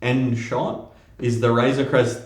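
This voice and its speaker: A man co-hosting a podcast, chatting in a relaxed, agreeable way. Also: mid-range voice, slow, soft background music. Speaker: podcast co-host. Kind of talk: casual chat. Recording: echoey room.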